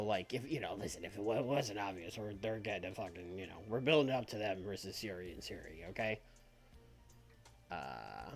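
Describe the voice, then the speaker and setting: A man live-streaming a wrestling booking game in casual chat, thinking out loud, swearing easily and trailing off mid-sentence. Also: lowish voice. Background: faint background music.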